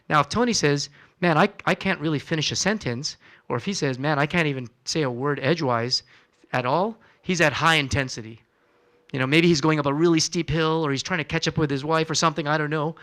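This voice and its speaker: A man presents a wellness seminar as a physician, talking casually to a church audience. He keeps the room involved with questions and plays out little chats with patients. His voice sits a little on the high side. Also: fairly bright tone. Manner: conversational, quizzes the audience, acts out patient chats. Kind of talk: health lecture to a live audience. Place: church hall.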